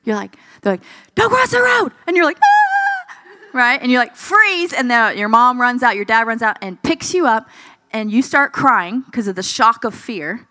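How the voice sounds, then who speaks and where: A woman preaching a sermon in a conversational, expressive way, asking the congregation questions and acting out the voices she quotes. She sounds a little tired. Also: fairly high pitch, moderate pace, slight background noise.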